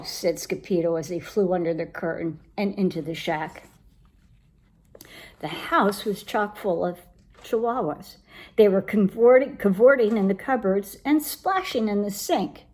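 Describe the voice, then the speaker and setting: A woman gives a lively, expressive read-aloud of a children's picture book, her voice pitched in the middle range.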